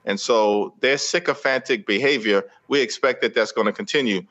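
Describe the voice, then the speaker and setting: A man speaking as a guest politician in an interview, forceful and rhetorical with a speechmaking cadence. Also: mid-range voice, normal speed, highs cut off.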